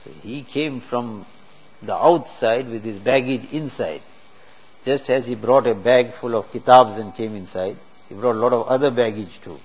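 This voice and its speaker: A man with a medium-pitched, slightly rough voice speaks at a normal pace. He is an Islamic preacher giving a sermon to a congregation in a mosque, earnest and teaching through rhetorical questions. The recording is dull and lo-fi, with a faint hiss.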